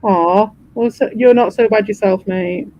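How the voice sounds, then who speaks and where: High-voiced man, sweary chat. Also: measured pace, dull audio. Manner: swears freely, rambling and animated. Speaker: streamer. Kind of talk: casual chat.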